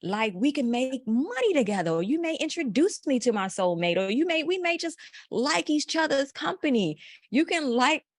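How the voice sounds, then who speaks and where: A woman's voice: high voice, sing-song, moderate pace, no room sound, clean studio sound. A woman from the United States, a podcast guest, talking bluntly in slangy casual chat and laughing often.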